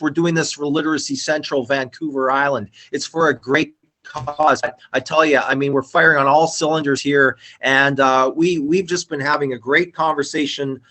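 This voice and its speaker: A man's voice: on the high side, a bit bright. Upbeat man hosting a live video chat. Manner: upbeat, talkative, with fillers and restarts. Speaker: host. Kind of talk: live-streamed reunion chat.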